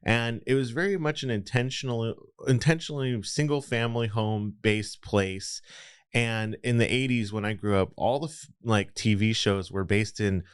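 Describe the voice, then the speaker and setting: Man, 40s, reflective storyteller, smooth clear voice, dry sound. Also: mid-range voice, moderate pace, no room sound. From Los Angeles area. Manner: reflective, rambling with fillers. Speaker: guest. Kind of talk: casual interview storytelling.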